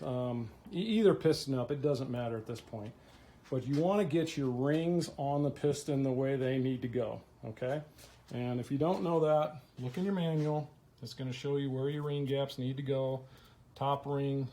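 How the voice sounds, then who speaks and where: A man's voice: mid-range voice, darkish tone. A man walking viewers through an engine repair step by step in a plain, practical way. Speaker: mechanic. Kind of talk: how-to repair walkthrough.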